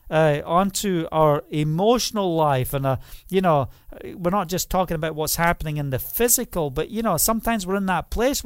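A man's voice: high-pitched, no room sound, studio quality. A man preaching a livestream sermon, earnest and pleading, with many "you know" asides. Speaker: pastor.

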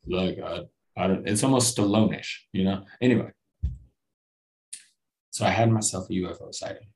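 A man's voice: low-pitched, fairly even intonation, fairly quick, pauses often. A man hosting a casual solo podcast, rambling and self-deprecating, swearing often and restarting his sentences. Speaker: podcast host.

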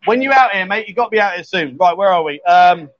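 Teasing high-voiced host. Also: male voice, lively intonation, quick pace, fairly bright tone, dull audio. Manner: teasing, banter-filled, laughs often. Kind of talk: casual live-stream chat.

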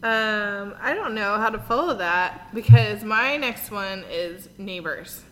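Bright-voiced bubbly woman chatting. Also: mid-range voice, slow pace. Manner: bubbly, giggly, animated retelling. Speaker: podcast co-host. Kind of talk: casual chat. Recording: roomy reverb with faint noise.

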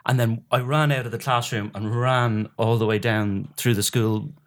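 A man's voice: mid-range voice, fairly even intonation, normal speed. A middle-aged man from Ireland, a guest comedian telling stories in a rambling, self-deprecating way with many restarts. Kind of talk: casual chat.

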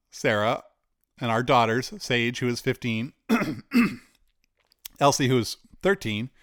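A man's voice: mid-range voice, fairly bright tone, smooth, dry recording, studio quality. Candid man telling a personal story. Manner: candid, conversational, with laughs and asides. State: cancer patient.

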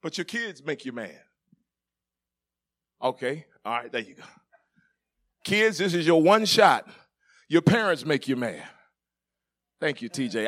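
High, bright-voiced preacher man. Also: very animated, unhurried, pauses often. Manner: swings from soft conversational asides to shouted preaching; jokes with the congregation, laughing. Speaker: pastor. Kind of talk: sermon.

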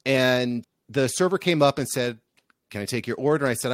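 A man from the United States, a podcast agency founder, telling stories in an upbeat, animated way as an interview guest. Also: mid-range voice, fast talker, no room sound, studio quality. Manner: upbeat, energetic, animated storyteller. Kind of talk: casual interview storytelling.

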